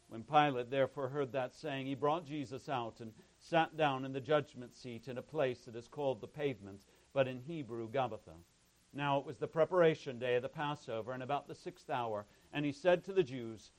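A male pastor reading a scripture passage aloud in a measured, solemn way, then praying and beginning his sermon. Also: mid-range voice, low-quality recording.

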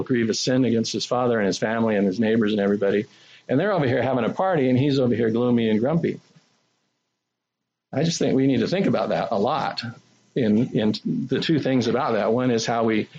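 A man preaching a sermon in a conversational, animated way, often acting out what people say. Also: mid-range voice, breathy edge. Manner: conversational, animated, acts out quoted speech. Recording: dull lo-fi recording.

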